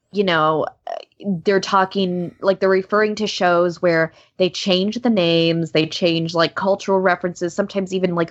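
Woman, voice actor, casual chat, lowish voice, muffled lo-fi sound. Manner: chatty, animated, many fillers. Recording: dull lo-fi sound.

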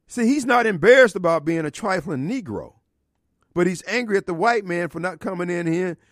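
A Mississippi man hosts a call-in radio show, talking bluntly and preaching his point with emphatic laughs. His voice sits high and swings widely in pitch. The studio sound is close and dry. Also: no room sound. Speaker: radio talk show host. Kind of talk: opinionated call-in radio talk.

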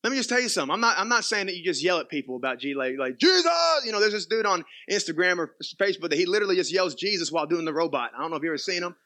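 A young male pastor, preaching a sermon in an animated way, dropping to quiet asides and rising to loud emphatic peaks. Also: high voice, very fast, few pauses.

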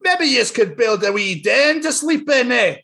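A man's voice: very high voice, expressive, a little slow, creaky, pushed and bright, voice pushed up, heavily acted. A man voicing a fatherly pig dad from a cartoon storybook, with a Scottish accent and a coaxing, chummy manner.

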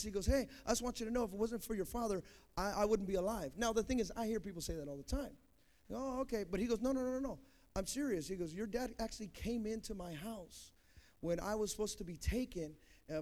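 Young male pastor, very high-pitched, preaching with emphatic swells and soft asides. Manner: preaching, rising to loud emphatic peaks then dropping soft. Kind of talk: sermon.

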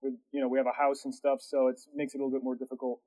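A man's voice: medium pitch, racing, no room sound, rough recording. Easygoing man with a dry, close sound. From Connecticut. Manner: relaxed, easygoing, many fillers. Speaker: animation studio owner, guest. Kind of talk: casual interview talk.

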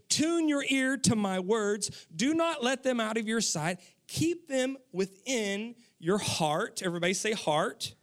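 A man preaching a sermon as the pastor, calling out to his congregation, with sudden drops into a soft, hushed delivery. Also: high-pitched. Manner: emphatic preacher, calls on the congregation.

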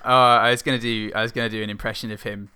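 A man's voice: medium pitch, flat delivery, very fast, sharp tone, clean tone. A man co-hosting a casual film chat podcast, laughing often and giving short replies. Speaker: podcast co-host.

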